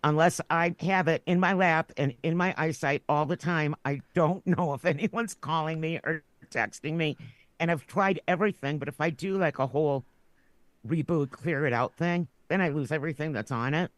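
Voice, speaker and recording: A woman's voice: low voice, normal speed, no echo. Rambling, giggly woman guest. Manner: rambling, laughs through her words. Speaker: podcast guest. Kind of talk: casual chat.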